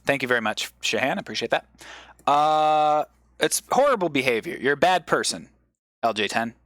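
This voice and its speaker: A man's voice: medium pitch, normal speed, no echo. Dry-sounding rambling comedian man lecturing. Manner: rambling explainer with excited bursts. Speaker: comedian streamer. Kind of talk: improvised mock lecture on a live stream.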